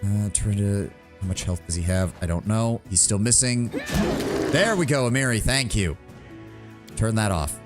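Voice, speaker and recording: A man's voice: lowish voice, lively intonation, moderate pace, over music. A man streaming a video game, giving casual, offhand commentary with muttered asides.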